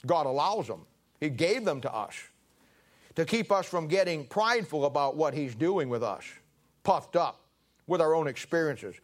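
A man preaches a sermon in a loose, folksy style, meandering through a long anecdote before landing the lesson. His voice sits a little higher than most men's, with lively intonation at normal speed, and he stumbles and restarts lines as he goes.

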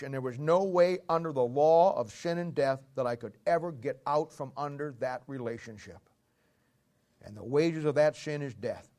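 Male preacher, slightly high voice, folksy storyteller, repeats himself, clears throat, swings loud to quiet. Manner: builds to loud shouting climaxes, then drops quiet; repetitive, clears throat often.

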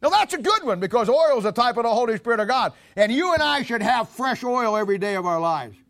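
A man preaching a folksy sermon, telling road-sign jokes and personal stories with animated swings between loud and hushed delivery. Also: very high voice, fast. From Missouri, USA. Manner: animated storytelling, swings from loud to quiet, laughs at own jokes. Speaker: pastor.

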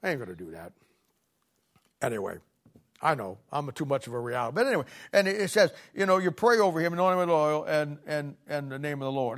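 Guy preaching, kinda higher voice, sarcastic folksy storytelling. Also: expressive, fast talker. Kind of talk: sermon with storytelling.

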